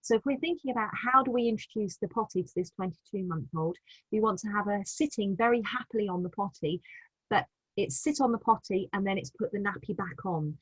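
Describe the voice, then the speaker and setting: British woman, patient advisor, gentle explaining, breathy tone, dry close sound. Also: medium pitch, no room sound, low-quality recording. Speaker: continence advisor. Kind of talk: live online advice session.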